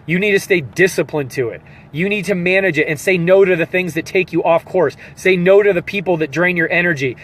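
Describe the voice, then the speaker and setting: A man's voice: high-pitched, a bit bright. A man speaking as a fitness coach in an earnest, emotional motivational pep talk, repeating phrases for emphasis. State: holding back tears.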